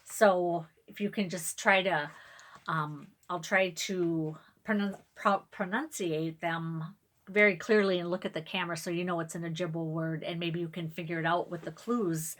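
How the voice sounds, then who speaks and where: Gentle woman reading a picture book. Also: lowish voice. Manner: gentle, with asides to the audience. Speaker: storyteller reading to viewers.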